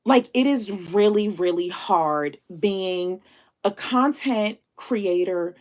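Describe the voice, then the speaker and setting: A woman hosting a casual live stream. She thanks viewers warmly, drops in French greetings and speaks with emotion, close to tears. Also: mid-range voice, takes it slowly. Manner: chatty, repeats herself, thanks viewers.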